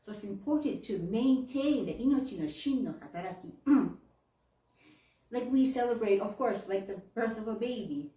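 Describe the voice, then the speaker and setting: A woman's voice: fairly high pitch, expressive, moderate pace, mellow. A woman, giving a chatty, heartfelt sermon with frequent laughs and Japanese phrases. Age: 40s. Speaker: minister. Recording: echoey room, mic far off.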